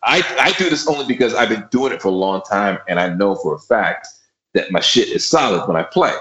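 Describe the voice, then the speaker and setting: A man's voice: on the low side, animated, a little fast, fairly bright tone. A man who plays drums, chatting casually in a podcast. He swears freely, repeats his words and acts out what he once said. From Austin, Texas. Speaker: guest drummer. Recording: echoey room.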